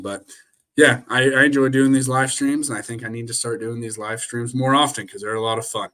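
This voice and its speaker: A man's voice: mid-range voice, fairly even intonation, a little fast, fairly bright tone. Young man, sports live stream host, rambling rant, fillers and restarts, mid-range voice. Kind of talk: casual live stream chat. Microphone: webcam.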